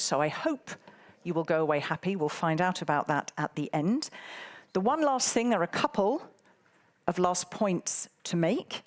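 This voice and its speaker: Playful woman moderating a conference. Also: lowish voice. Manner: playful, teasing audience banter. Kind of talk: live event hosting.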